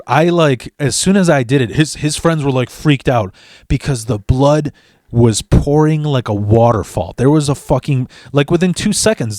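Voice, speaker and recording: A man's voice: medium pitch, darkish tone, no room sound. Guy swearing his way thru a story, fired up, stumbles and restarts, dry close mic sound. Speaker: podcast host. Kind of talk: casual storytelling. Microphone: studio mic.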